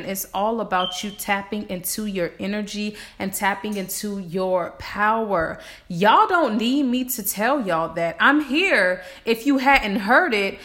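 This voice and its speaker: A woman hosting a podcast, speaking in slow, repeated affirmations and building to emphatic cursing. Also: mid-range voice, a bit bright. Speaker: podcast host. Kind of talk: motivational podcast monologue.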